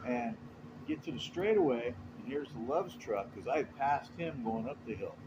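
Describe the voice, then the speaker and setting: A man's voice: mid-range voice, normal speed, noisy background. A man, a truck driver, telling a road story in a rambling, profane, casual way. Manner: rambling, profane, animated retelling.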